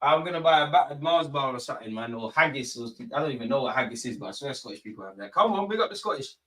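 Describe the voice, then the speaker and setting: A young man hosting a live football watch-along, reacting loudly and bantering at the players. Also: medium pitch, very fast. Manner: excitable, shouts at goals, banters at players. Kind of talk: live match reaction commentary.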